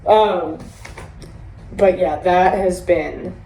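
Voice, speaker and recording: A woman's voice: lowish voice, extremely slow. Blunt, profane woman in an echoey room. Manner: blunt, profane and animated storytelling. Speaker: podcast host. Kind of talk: candid recovery chat. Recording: roomy echo with faint hiss.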